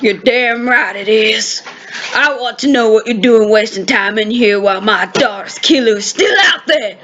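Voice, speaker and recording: A woman voicing an angry grieving father who speaks slowly and indignantly. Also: fairly high pitch, highs cut off. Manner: indignant, slowed, rising to a shout.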